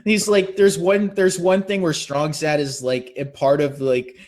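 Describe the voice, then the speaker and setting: A young man excitedly retelling a story in casual chat, acting out the quotes as he goes. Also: a little high, a little slow.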